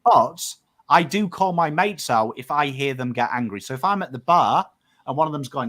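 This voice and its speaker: Australian man, podcast co-host, emotive and emphatic, swears, voice a bit on the high side. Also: expressive, normal speed, pushed and bright. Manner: acts out quotes of mates in conversation. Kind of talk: casual podcast chat.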